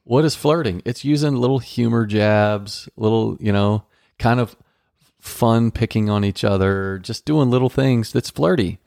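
A man's voice: fairly low pitch, measured pace, gravelly, darkish tone, no echo, studio quality. A man co-hosting a casual marriage podcast, upbeat and playful, acting out little dialogues as he explains. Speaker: podcast co-host. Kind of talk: casual marriage advice chat.

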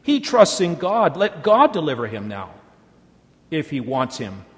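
A man's voice: medium pitch, lively intonation, normal speed, natural voice. A man voicing a crowd of scornful men who jeer at a crucified man, in a raised, mocking delivery. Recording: long hall reverb.

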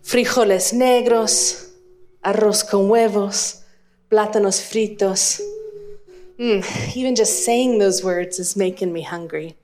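A woman in her thirties from East Texas, with an East Texas accent, telling a humorous, self-deprecating story as a speaker to a live audience. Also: mid-range voice. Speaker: speaker and Spanish teacher.

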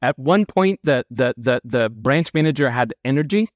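A man hosting a podcast discussion, talking briskly and animatedly as he steers the conversation. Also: medium pitch, expressive, no room sound, dull audio. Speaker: podcast host.

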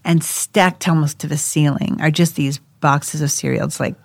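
A middle-aged woman with a low voice tells a family story in casual chat. She is animated, acts out what people said, and laughs often. The sound is dry and close. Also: moderate pace, gravelly, dry recording. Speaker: adoptive mother guest.

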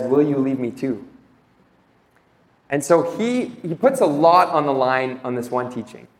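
Earnest young man giving a religious talk. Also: fairly high pitch. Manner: earnest, reads scripture slowly and reflectively. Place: room with an audience. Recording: echoey room.

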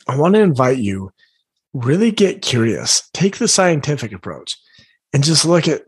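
Earnest husky-voiced parenting coach, man. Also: medium pitch, expressive, moderate pace. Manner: earnest, encouraging, invites listeners gently; clears throat now and then. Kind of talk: talking to parents about yelling.

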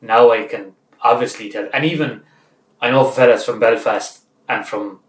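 A man's voice: mid-range voice, fairly even intonation, normal speed, distant mic. A man from Clare with an Irish accent, interviewing a guest and asking hesitant questions full of fillers. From County Clare, Ireland. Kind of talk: casual interview chat. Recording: echoey office, off-mic.

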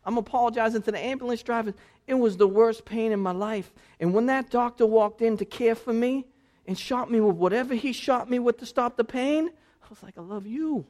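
High-voiced man preaching a sermon. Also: a little fast. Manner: storytelling, rising to loud passionate preaching. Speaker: pastor.

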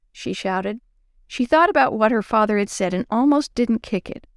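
Woman storyteller for kids, expressive, sing-song delivery, dry close sound. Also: a little high, moderate pace, dry recording. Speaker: children's storyteller. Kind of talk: children's story reading.

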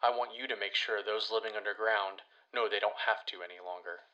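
A man's voice: on the low side, steady tone, a little fast, sharp tone, dull audio. A man giving an earnest, impassioned dramatic reading of a monologue. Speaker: narrator reading a character's monologue.

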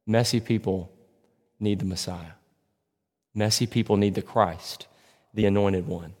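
A man preaching a sermon as a pastor, earnest and slowing down to press key points. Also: fairly low pitch, steady tone, darkish tone. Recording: long hall reverb.

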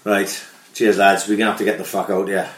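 A man's voice: low voice, level tone, brisk. Male host, blunt profane football chat, roomy echo on the voice. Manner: blunt, sweary, signs off the show. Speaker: podcast host. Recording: echoey room.

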